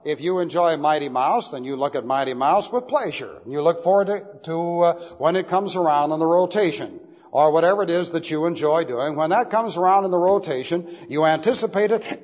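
A man's voice: on the high side, animated, moderate pace. A man preaching an expository Bible sermon, stretching out key words for emphasis. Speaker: pastor. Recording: muffled old recording in a reverberant hall.

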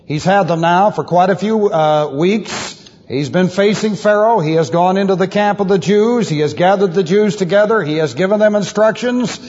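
A high-voiced man preaching with wide, swooping pitch and a slightly husky tone. He teaches from scripture with emphatic rhetorical questions. The recording is dull and lo-fi, with long reverb from a large hall. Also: moderate pace, darkish tone. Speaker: pastor. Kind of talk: expository Bible teaching.

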